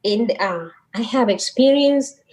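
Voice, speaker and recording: Lively Dominican-accented middle-aged woman. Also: on the high side, measured pace, poor audio. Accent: Dominican Spanish. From Dominican Republic. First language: Spanish. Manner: animated, searching for words, laughs easily. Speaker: guest, social worker. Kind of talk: casual conversational storytelling.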